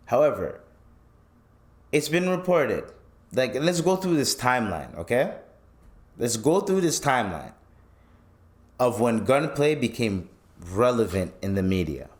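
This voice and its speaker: Animated man ranting on a podcast. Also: mid-range voice, a little slow, long pauses. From Canada. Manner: animated storytelling, acts out quotes, swears freely. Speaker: podcast host. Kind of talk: casual commentary rant.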